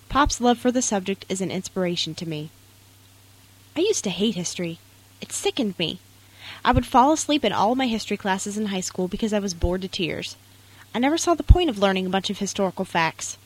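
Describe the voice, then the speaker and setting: A woman's voice: medium pitch, low-quality recording. A young woman reading a personal essay aloud in an earnest, tender way. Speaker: narrator.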